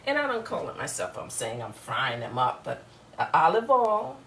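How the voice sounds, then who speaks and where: A woman's voice: low-pitched, very animated, moderate pace, creaky, background noise. A woman giving a casual, chatty cooking demonstration and talking straight to viewers in a rambling way. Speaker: home cook. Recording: echoey room, voice from a distance.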